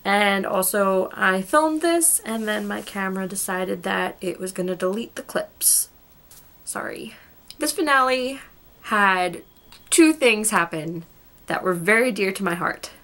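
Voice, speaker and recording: A young woman gushing excitedly about a TV show in a casual vlog. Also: mid-range voice, unhurried. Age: young adult. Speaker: guest vlogger.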